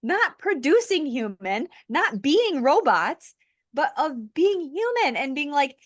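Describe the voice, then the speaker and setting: A woman hosting a casual podcast conversation, earnest and animated, laughing lightly between points. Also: sits high, takes it slowly, no room sound, clean studio sound. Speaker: podcast host.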